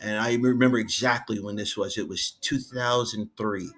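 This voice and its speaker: A man, a guest on a podcast, telling backstage stories in an animated, laughing way and acting out what people said. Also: fairly low pitch, normal speed. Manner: lively, laughing, acts out quotes. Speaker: guest, former head of wrestling security.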